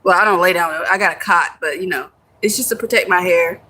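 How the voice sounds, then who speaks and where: Streamer and music producer, casual talk to chat, bright edgy tone, mid pitch. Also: brisk. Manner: loose, chatty explaining with frequent "you know".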